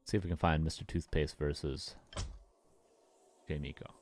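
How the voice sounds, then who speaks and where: A man's voice: a bass voice, fairly even intonation, normal speed. A man casting game replays live, joking and chatting with his viewers as he goes. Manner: joking, playful, chats with viewers. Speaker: caster.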